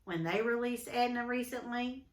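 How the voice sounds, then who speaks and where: A woman's voice: on the high side, moderate pace, roomy sound, close to an everyday voice. A woman reading aloud the lines of a cheerful, gossipy old woman, in a confiding manner. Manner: confiding, read aloud plainly.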